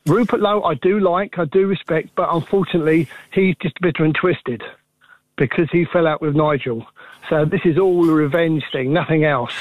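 A man's voice: a little high, moderate pace, dry recording, narrow, tinny audio. A man in his sixties from England calling a radio phone-in, talking with many fillers and restarts. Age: 60s. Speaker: caller.

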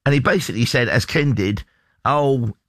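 A man's voice: medium pitch, lively intonation, fast, fairly bright tone, no room sound. A man hosting a sports radio show, presenting with jokey banter. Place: radio studio.

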